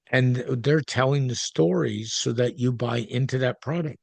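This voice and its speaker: A man's voice: mid-range voice, moderate pace, vocal fry, few pauses, a little mellow, dry recording. A middle-aged man, hosting a casual interview and wandering into tangents. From Canada. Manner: chatty, goes off on tangents. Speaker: podcast host.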